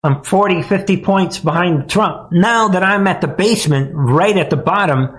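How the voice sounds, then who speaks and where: A man's voice: sits high, normal speed, fairly bright tone, voice pushed up. A man lampooning a smug male politician bragging about his own comeback, in a slightly raised voice. The tone is sarcastic and mocking, like a commentator acting out a rival.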